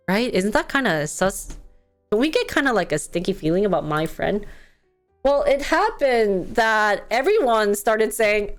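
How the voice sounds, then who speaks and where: A woman vlogger telling a story in casual commentary, chatty and animated, acting out quotes with laughs and fillers. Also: fairly high pitch, unhurried, faint music behind.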